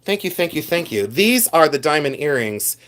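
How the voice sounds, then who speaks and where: Very animated and a little high-pitched, a middle-aged man keeps a moderate pace while hosting a live reseller stream. He shows his finds, chats, and reads viewer comments aloud in show-and-tell fashion. He mimics shouting collectors to get laughs.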